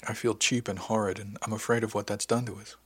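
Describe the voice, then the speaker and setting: A man reading a story, voicing a troubled woman who leads a ship crew and speaks softly, often in a whisper. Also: on the low side, flat delivery, quick pace, husky. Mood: remorseful.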